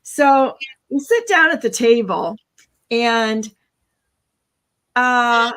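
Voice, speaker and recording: A middle-aged woman telling a family story in casual chat, animated and laughing, checking in with "okay?" and "right?". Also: on the high side, extremely slow. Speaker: co-host.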